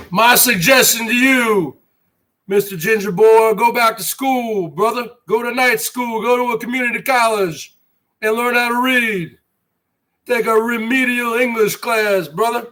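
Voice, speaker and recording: High-voiced man ranting slowly. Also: pushed and bright. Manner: mocking, repetitive, addresses rivals as brother. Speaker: online show host. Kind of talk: ranting monologue to viewers.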